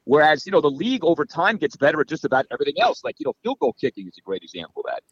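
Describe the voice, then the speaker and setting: Male guest analyst, chatty and lively, dry and slightly muffled recording. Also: on the high side, very fast, breathy edge, dry recording. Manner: animated, analytical, many fillers. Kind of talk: casual podcast chat.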